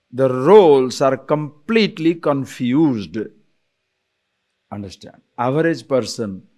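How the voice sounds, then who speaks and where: A man lectures on spiritual texts as a teacher. His voice sits slightly on the high side. He talks animatedly, keeps asking rhetorical questions and often chuckles. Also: a bit bright.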